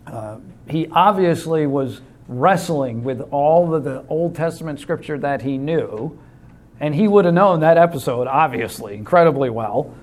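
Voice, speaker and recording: A man's voice: on the high side, moderate pace, a little mellow. A man teaching a Bible study class in a conversational way, explaining with simple illustrations and calling on class members.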